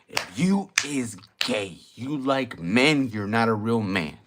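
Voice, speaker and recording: Slow-talking tipsy young man ranting. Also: lowish voice, fairly bright tone. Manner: crude, slangy, argumentative, repeats himself. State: drinking, tipsy. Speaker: vlogger. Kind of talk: late-night rambling monologue.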